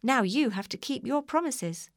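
Earnest small girl a woman puts on, high and lively. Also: normal speed, dry recording, clean studio sound. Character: brave earnest little girl.

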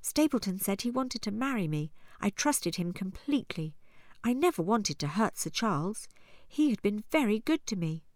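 A woman's voice: medium pitch, very animated, normal speed, darkish tone, dry recording, clean studio sound, pitched above the performer's own voice, close to an everyday voice. A woman voicing an anxious woman who confesses earnestly, in an audiobook. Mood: confessing. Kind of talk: audiobook character voice.

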